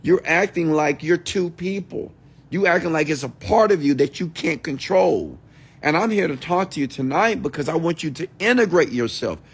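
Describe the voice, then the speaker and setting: Man, middle-aged, livestream mentor ranting late at night: blunt, profane, gravelly. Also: a little high, expressive, moderate pace. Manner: blunt, profane, mocks whiny voices. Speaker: entrepreneur and mentor hosting a livestream. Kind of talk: late-night motivational rant.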